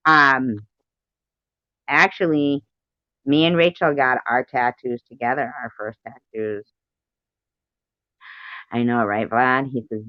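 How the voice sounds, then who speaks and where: A woman's voice: a bass voice, slow pace, long pauses, no room sound. A woman hosting a livestream in casual chat, rambling and laughing often. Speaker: livestream host. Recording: muffled dry livestream audio.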